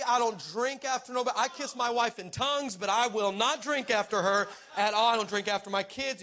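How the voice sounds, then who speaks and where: A man preaching a sermon in church, telling a funny story in an animated, playful way and teasing the congregation. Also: sits high, brisk.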